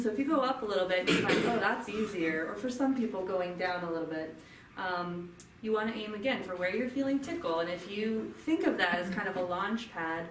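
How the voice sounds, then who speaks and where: Woman coaching voice warm-ups, roomy distant sound. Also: mid-range voice, lively intonation, brisk, slight background noise. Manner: friendly, demonstrates hums and sounds. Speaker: speech-language pathologist leading a voice workshop. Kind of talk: live workshop instruction. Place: room with a group. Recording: roomy, from a distance, faint ambience.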